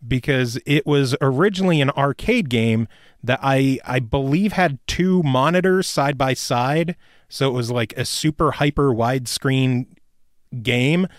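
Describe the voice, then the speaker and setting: A man's voice: mid-range voice, unhurried, dry recording, clean studio sound. A man hosting a podcast, chatting casually about games with crude jokes and frequent laughter. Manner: joking, crude, laughs often. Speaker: podcast host.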